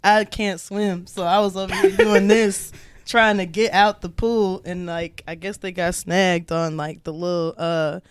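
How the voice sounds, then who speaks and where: A young woman as a podcast guest, telling a funny story in a casual, animated way, acting out the people in it in high voices and laughing often. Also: measured pace.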